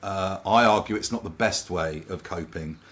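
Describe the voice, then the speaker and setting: Low-voiced man telling a lively story. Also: normal speed. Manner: lively anecdotal, acts out quoted remarks. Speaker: confidence coach and trainer. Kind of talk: casual interview storytelling.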